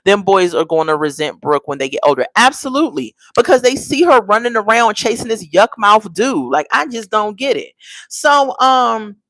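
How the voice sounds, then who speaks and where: A woman in her forties recaps a reality show with blunt, sassy storytelling. Her pitch swoops up and down as she talks. The sound is dry and close, with no room echo. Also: animated, normal speed, a bit bright. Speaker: reality TV reviewer. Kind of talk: casual recap commentary.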